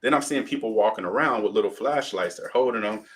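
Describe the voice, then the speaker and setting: A man with a fairly low voice, a guest telling a personal story in an interview. His delivery is vivid, and he acts out the other people's lines as he goes. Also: fast, fairly bright tone.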